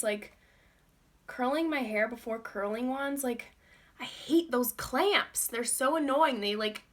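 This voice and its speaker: A young woman talks casually to her camera, rambling and giggly, full of "like" and "um". Her voice sits a bit high and sounds bright and forward. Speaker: beauty vlogger. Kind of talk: casual chatty vlog.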